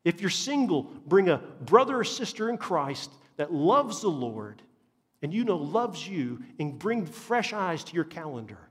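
Man, pastor's sermon, somewhat high voice, long hall reverb. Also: big pitch swings, unhurried, husky. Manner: earnest, emphatic, repeats phrases for stress.

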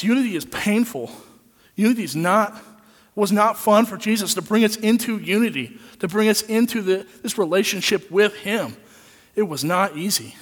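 A man preaching a sermon in an earnest way, repeating phrases for emphasis and swinging between loud and quiet. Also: a little high. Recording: long reverb of a large hall.

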